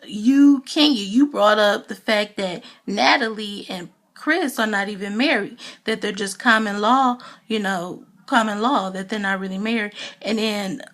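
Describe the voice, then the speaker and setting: A woman's voice: mid-range voice, measured pace, hardly any pauses, a bit bright. A woman giving a casual, gossipy recap of a reality TV episode, talking loosely with lots of "you know" fillers. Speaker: TV show reviewer.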